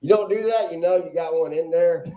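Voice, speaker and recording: A man doing a crude stand-up set on a club stage, loud and laughing at his own jokes. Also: on the high side, brisk. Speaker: stand-up comedian. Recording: roomy club echo.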